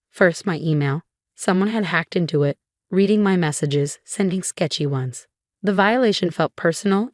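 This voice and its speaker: A woman with a fairly low voice narrates a dramatic first-person story with expressive delivery. The recording is close and dry, with no room sound. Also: no echo.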